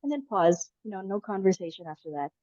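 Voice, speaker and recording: Talking fast with lively intonation, a woman of medium pitch and dark tone tells a personal story as a podcast guest. She's casual, using many fillers and restarts, and the recording is dry, dull, and lo-fi.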